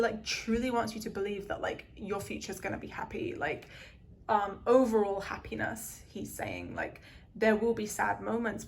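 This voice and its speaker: A woman with a creaky, mid-range voice gives a pick-a-card tarot reading for her viewers. Earnest and emotional, she wanders through it with plenty of "um" and "like."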